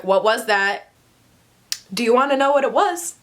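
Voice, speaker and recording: A woman's voice: on the high side, animated, moderate pace, pauses often, fairly bright tone, a little hiss or hum. A woman in her twenties telling a dramatic party story in a casual vlog, acting out the quotes. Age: 20s. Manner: chatty and dramatic, acts out quotes. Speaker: vlogger.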